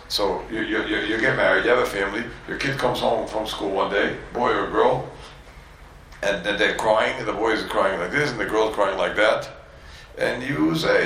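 Gravelly rabbi lecturing in an echoey room. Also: male voice, lowish voice, fairly bright tone, far from the mic, slight background noise. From Borough Park, New York. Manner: repeats words, mixes Yiddish and Hebrew terms, acts out quotes. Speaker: rabbi teaching a yeshiva class. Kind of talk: Torah lecture to students.

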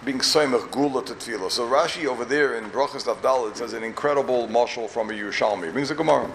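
A rabbi from Borough Park, giving an emphatic yeshiva talk full of repeated questions and wry asides. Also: male voice, medium pitch, quick pace, background noise. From Borough Park, New York.

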